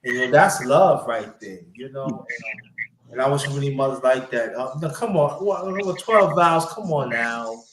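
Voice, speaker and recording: A man's voice: mid-range voice, normal speed, crowd noise. A man hosting a casual livestream chat, rambling with many fillers and restarts. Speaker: livestream host. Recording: echoey room with background noise.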